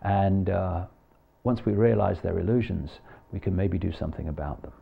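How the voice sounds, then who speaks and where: A man giving a live talk to an audience, animated and shifting between quiet asides and loud emphatic points. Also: deep voice, moderate pace, creaky, slightly rough. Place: large hall, live audience. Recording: dull lo-fi live hall recording with long reverb.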